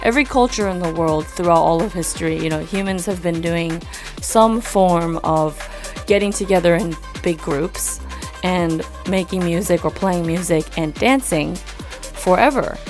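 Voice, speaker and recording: A woman's voice: on the low side, moderate pace, faint music behind. A young woman who grew up in Japan, chatting casually as an interview guest and telling stories with lots of fillers. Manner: animated storytelling with fillers. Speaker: musician guest.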